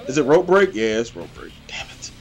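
A man hosting his own gameplay channel, giving excitable, trash-talking play-by-play commentary. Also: mid-range voice, moderate pace, dull audio, soft background music.

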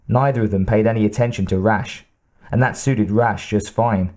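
A man reading a thriller audiobook aloud as narrator, in a steady, even storytelling manner. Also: lowish voice, normal speed. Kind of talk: scripted narration.

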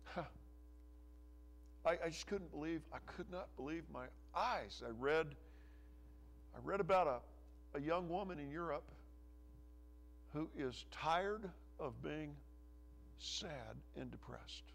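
A male pastor preaching in a church. His slightly high voice carries a gravelly edge and leaps about in pitch. He talks slowly and lets his phrases rise to a push, then sink to a hush. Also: lively intonation, slight background noise. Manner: preaching with rising emphasis and soft, dropping asides. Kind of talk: sermon. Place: church sanctuary.

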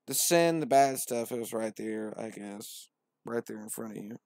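A man's voice: lowish voice, normal speed, vocal fry, darkish tone, dry recording. A man retelling scripture as comedy, profane and slangy, with a wry tone and hesitant restarts.

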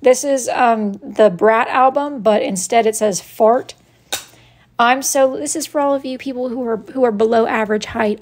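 Woman, live-stream host, casual chat, playful, teasing, slightly high voice. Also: normal speed. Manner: playful, reads out joke slogans and teases viewers by name. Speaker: live-stream host showing her wood-burned crafts.

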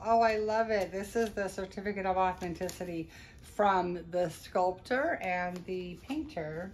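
Woman cooing over an unboxing, slow and drawn out, faint hiss behind. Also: mid-range voice, a little mellow. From United States. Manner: gushing, breathy exclamations, slow drawn-out coos. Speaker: vlogger unboxing a reborn doll. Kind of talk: excited unboxing chat.

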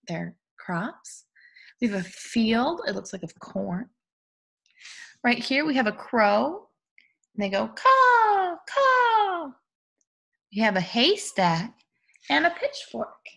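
A young woman with a slightly husky voice teaches small children at a slow, careful pace. She swoops through a lively pitch range, gasping with delight and making drawn-out animal noises. Her gentle telling suits an online preschool group time.

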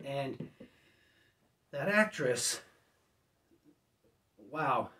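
A man casually reviewing discs at home, rambling and correcting himself, often clearing his throat as if he just woke up. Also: medium pitch, expressive, drawn-out words, sharp tone, far from the mic. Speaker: disc reviewer.

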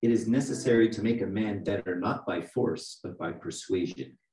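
In a church, a middle-aged man serving as archdeacon preaches a conversational sermon, frequently checking in with the congregation. His voice is fairly low and warm, at a moderate pace. The room is echoey and the mic sits at a distance.

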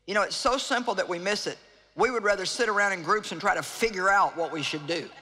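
An earnest woman preaches an evangelistic sermon to a live audience in a large hall, and the recording carries the hall's long reverb. Her medium-pitched voice is fast, bright and forceful as she pleads and repeats phrases for emphasis.

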